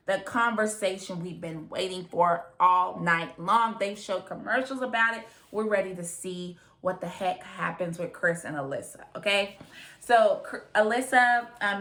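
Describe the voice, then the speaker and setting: A woman's voice: mid-range voice, a bit bright. A young woman giving a chatty, opinionated recap of a reality show, quoting the people on it in her own voice. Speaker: recap vlogger.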